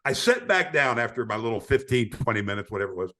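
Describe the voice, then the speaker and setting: A man's voice: mid-range voice, sing-song, quick pace, a bit bright. An older man, a retired sportscaster, telling stories in a podcast interview, acting out quoted voices with frequent stammering restarts. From United States.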